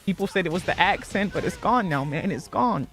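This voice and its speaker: A man putting on a goofy, higher "spooky" voice with a laid-back, slangy drawl. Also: expressive, a little fast, fairly bright tone, soft background music. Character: goofy young man's put-on "spooky" voice.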